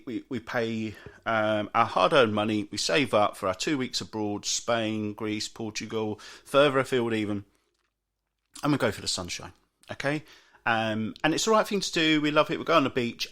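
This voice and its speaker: A man's voice: on the low side, fairly bright tone. A British man hosting a solo podcast, chatting and ranting about everyday moans. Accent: British English. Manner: chatty ranting, mocks moaners in put-on voices. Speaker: podcast host.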